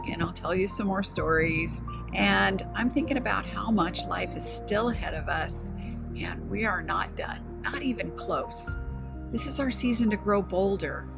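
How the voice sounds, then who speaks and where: A woman's voice: mid-range voice, creaky, low-quality recording. An older woman hosting a casual vlog outdoors in a park. She tells family stories in a reflective, encouraging way. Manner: warm, reflective, encouraging talk about family. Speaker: host. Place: outdoors in a park, walking and resting. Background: music.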